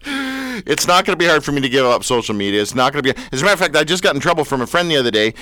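A male radio host trading teasing banter in a bright, ringing voice whose pitch leaps around. He jokes freely and laughs often. The sound is close and dry, with no room echo. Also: very animated, very fast. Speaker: radio talk show host. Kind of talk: casual on-air banter.

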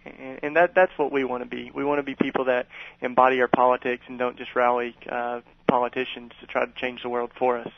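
A man's voice: medium pitch, flat delivery, fast talker, creaky, no room sound. Earnest man with frequent restarts. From East Tennessee. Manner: earnest, stumbling restarts, laughs at his own stories. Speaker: guest. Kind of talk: conversational radio interview. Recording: dull lo-fi radio sound.

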